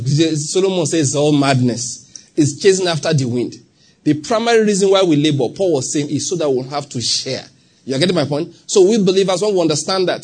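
A man's voice: high voice, husky. A man with a Nigerian accent preaching a sermon to a congregation, acting out short scenes and asking them questions as he goes. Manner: animated, acts out little scenes and asks the congregation questions. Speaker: pastor.

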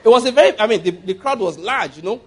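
A man's voice: high voice, animated, fast talker, a bit bright, husky, a faint crowd. A Nigerian man preaching a sermon in church, telling stories, repeating phrases for emphasis and leading the congregation in declarations. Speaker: pastor.

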